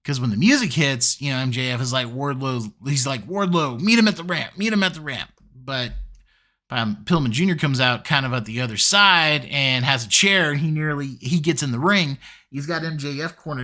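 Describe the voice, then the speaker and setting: A man's voice: a little high, bright, forceful tone. A man giving a casual solo review of a wrestling show, chatty with lots of fillers and easy laughs.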